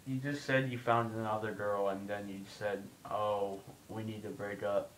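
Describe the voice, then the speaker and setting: A man teasing his friend with deadpan needling in casual banter. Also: normal speed. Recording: echoey room with loud rumble.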